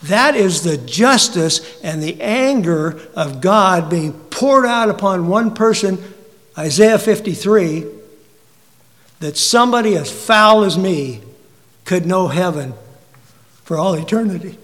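A man preaching a sermon in a high, ringing voice. He fires rhetorical questions, pushes up to emphatic peaks, then drops low and quiet. The recording carries a long reverb tail from a large hall. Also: lively intonation, slow.

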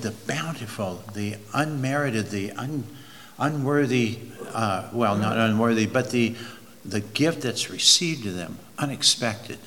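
A man's voice: medium pitch, a bit bright, in a large hall, slight background noise. A man preaching an expository sermon, reading verses aloud and leaning hard on key words. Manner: slow, emphatic, drawn-out stresses on key words.

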